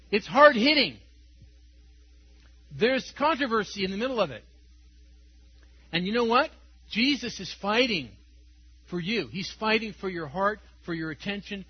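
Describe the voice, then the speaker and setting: High-voiced husky male pastor. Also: muffled recording. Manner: conversational, tells stories with chuckles. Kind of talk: sermon.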